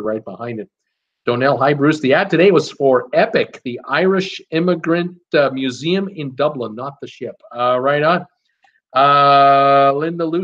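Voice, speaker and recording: Chatty man hosting a live stream, slightly high voice. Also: fairly bright tone. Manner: chatty, many "uh" fillers, greets viewers by name. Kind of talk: casual live chat, reading viewer comments. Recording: dull lo-fi sound.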